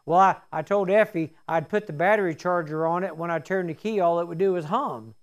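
A middle-aged preacher with a high-pitched voice gives a homespun sermon at a fairly quick clip, wandering into folksy stories and plain-spoken asides between points of faith. The recording sounds muffled.

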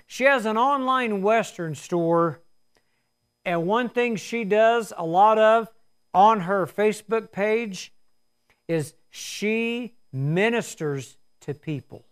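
A man's voice: sits high, slow pace, smooth. A man preaching a sermon in an earnest, repetitive way, often restarting his words.

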